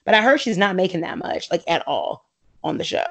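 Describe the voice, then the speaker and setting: Opinionated woman with a low voice. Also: brisk, gravelly. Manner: opinionated, animated, laughs often, quotes friends in voices. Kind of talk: casual chat about reality TV.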